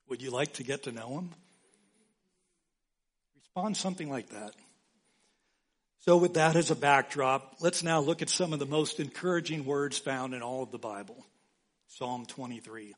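A man preaching a sermon as pastor, slow and emphatic, repeating key phrases for weight. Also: medium pitch.

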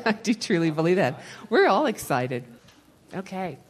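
In a rough recording, a woman with a fairly low, sing-song voice speaks unhurriedly. Leading a Christian conference session, she rambles conversationally as she teaches a live audience, frequently laughing between thoughts.

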